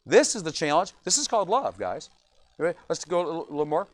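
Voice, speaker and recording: Animated high-voiced man preaching a sermon. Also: fast talker. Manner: animated, acts out quoted churchgoers in voices. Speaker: pastor. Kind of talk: evening sermon.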